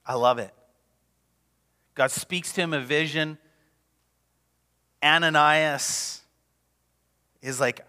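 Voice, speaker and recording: A man preaching a sermon as pastor, passionate and emphatic, sometimes dropping to a hush. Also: on the high side, steady tone, slow pace, pauses often, clean tone. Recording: long reverb of a large hall.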